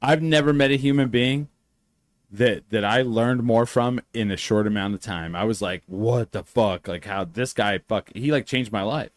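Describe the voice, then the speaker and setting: Man, podcast host, animated, profane, casual storytelling, dry sound. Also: mid-range voice, normal speed, dry recording.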